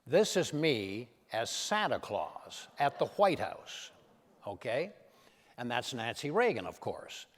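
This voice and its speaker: An older comedian and impressionist tells stories on stage, speaking slowly in a medium-pitched voice with a long reverb tail. He's lively and acts out the voices in his anecdotes.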